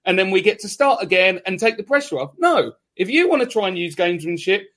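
A man's voice: high voice, very animated, quick pace, fairly bright tone. A man hosting a football podcast, talking emphatically and arguing his point. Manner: emphatic, argumentative. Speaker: podcast host. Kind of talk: casual podcast chat.

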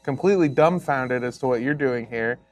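A man narrating a tabletop game as its game master, animated and laughing often. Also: mid-range voice, fairly quick.

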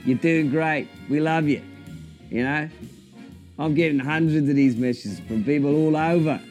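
A man's voice: fairly high pitch, normal speed, darkish tone, soft background music, natural voice. A man doing a comedy impression of a defensive, cocky older male rugby coach, ending every line with "mate". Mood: defiant.

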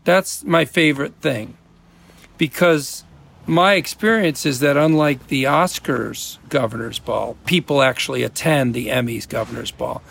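A man's voice: medium pitch, a little slow, creaky, fairly bright tone. A man from the American Midwest, a guest on an interview show, chatting casually and rambling with restarts. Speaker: guest actor.

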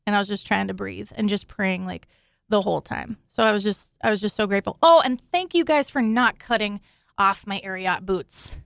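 A woman's voice: mid-range voice, normal speed, gravelly, a bit bright, no echo. A woman hosting a studio talk show, chatting emotionally and laughing often as she thanks her rescuers. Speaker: show host, accident survivor. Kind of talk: grateful casual studio talk.

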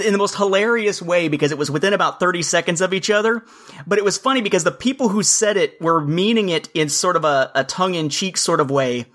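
A man's voice: sits high, pushed and bright. A talkative man on a podcast, going into long explanations. He likes to mimic the lines he quotes, hamming up their delivery. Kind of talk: casual chat.

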